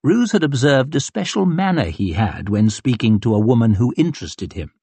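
A man narrating an audiobook in a wry, expressive reading. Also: mid-range voice, moderate pace, creaky, slightly rough, dry recording. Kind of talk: scripted narration.

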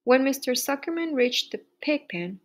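A woman reading a children's chapter book aloud with lively storybook delivery. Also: high voice, moderate pace.

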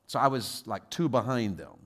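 A man preaching a sermon as a guest pastor, telling stories with quoted voices and moving from quiet asides to loud exhortation. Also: medium pitch, expressive, normal speed.

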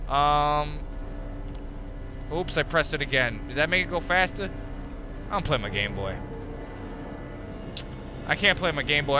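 A man's voice: a little high, background noise. A young man doing let's play commentary, jumpy and goofy, joking with his pet while he plays. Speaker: gaming video host.

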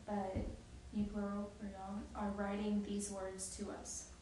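A female student reading and translating aloud in class, careful and measured. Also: medium pitch, completely flat delivery. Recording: echoey classroom from far off with background noise.

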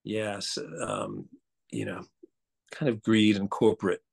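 A man's voice: lowish voice, slow, gravelly. A male actor being interviewed, talking animatedly with stammering restarts, his accent a mix with an Australian tinge. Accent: mixed, partly Australian. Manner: animated, stammering restarts, laughs and mimics voices. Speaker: actor and guest. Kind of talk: casual interview chat.

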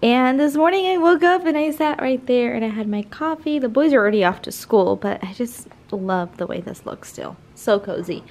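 A woman's voice: expressive, normal speed, few pauses, darkish tone. A woman in her thirties chatting casually to her viewers in a home vlog, filming on her phone and cooing at the family dog. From California. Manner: chatty, talks to viewers and to the dog in a high sing-song baby voice. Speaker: family vlogger. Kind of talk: casual vlog chat to camera.

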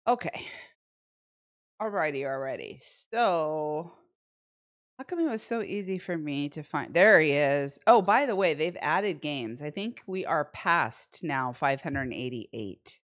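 A woman's voice: sits low, expressive, measured pace. A woman hosting a casual live slot stream from home, playfully chatting and greeting viewers by name. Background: faint slot game music.

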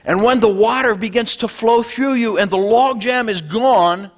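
A male pastor preaching a Sunday sermon, swinging between loud declarations and low, quiet lines. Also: moderate pace. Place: church sanctuary.

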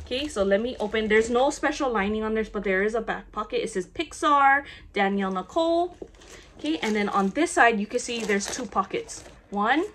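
A woman's voice: mid-range voice, a little hiss or hum. A young woman showing off handbags in a casual haul vlog, chatty and gushing, with many okays. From half Japanese. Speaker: vlogger showing a bag haul.

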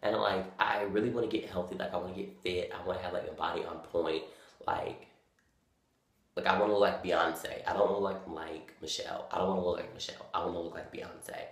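A dramatic nineteen-year-old guy talking into his phone camera while parked in his car, rattling on with fillers. His voice sits a little low for a man, and he keeps lurching into loud, gossipy bursts. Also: fairly quick, creaky, husky, no echo. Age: young adult. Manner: chatty and dramatic, lots of fillers, swings into loud excited storytelling. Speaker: vlogger. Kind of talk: casual vlog talk to camera.

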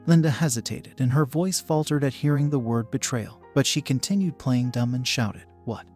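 Guy reading a first-person story, steady pace, mid pitch, quiet music underneath. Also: normal speed. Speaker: story narrator. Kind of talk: scripted first-person narration.

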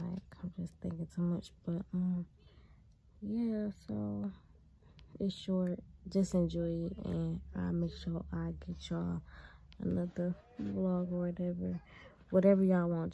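Laid-back teen girl vlogging, slightly low. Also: little pitch movement, measured pace, vocal fry, warm tone, slightly rough. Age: teens. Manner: laid-back, slangy, addresses viewers as y'all. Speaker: vlogger and track athlete. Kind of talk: casual vlog talk to viewers.

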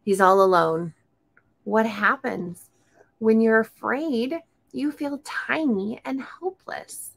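A woman's voice: on the high side, slow, vocal fry. A woman reading a picture book aloud to a young child, coaxing him with questions and breaking into gasps and exclamations. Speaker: storytime host.

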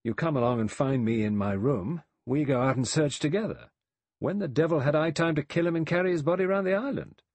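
A man's voice: mid-range voice, big pitch swings, moderate pace, darkish tone, husky, dry recording, voice pushed up. A man playing a sardonic, clipped adventurer. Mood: sharp. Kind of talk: audiobook character voice.

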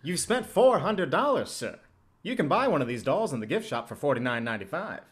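A man's voice: a little high, big pitch swings, a little fast. A man voicing a sinister carnival barker who taunts his customer with oily, overly polite mockery. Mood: mocking.

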